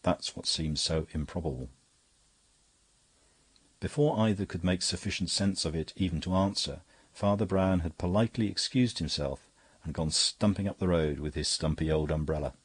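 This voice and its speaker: A man narrating a classic detective novel as an audiobook, in a steady, even storytelling delivery. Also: sits low, a little fast, slightly rough, dry recording.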